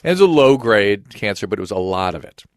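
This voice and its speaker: A man's voice: on the low side, dry recording, clean studio sound. A middle-aged man, a podcast host and physician, telling a personal story in casual conversation and acting out the voices of the people in it. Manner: brisk, animated retelling with quoted dialogue.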